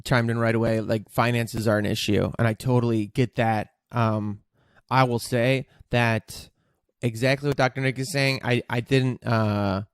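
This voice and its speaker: A male podcast host with a smooth, clear voice, recorded close and dry. He talks candidly and casually, with dark jokes and open feeling. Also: medium pitch, fairly even intonation, moderate pace, no echo. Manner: candid, emotional, joking.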